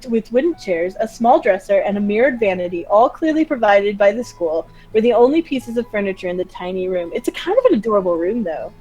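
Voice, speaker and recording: A woman's voice: medium pitch, animated, brisk, few pauses, dark tone, faint music behind, poor audio. A woman hosting a gaming video, reading visual novel narration aloud with giggly, joking asides. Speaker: gaming channel host.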